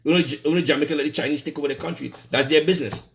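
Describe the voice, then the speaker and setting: A man's voice: fairly high pitch, steady tone, racing, gravelly, a little hiss or hum. Angry Trinidadian man ranting on a live stream. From Trinidad and Tobago. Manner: heated, repetitive, stumbling restarts, curses.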